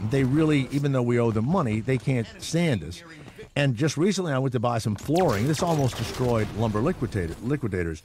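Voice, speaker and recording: Lively-voiced man hosting call-in talk radio. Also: medium pitch, slight background noise. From Louisiana. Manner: rambling, profane, opinionated rants. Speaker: radio talk show host.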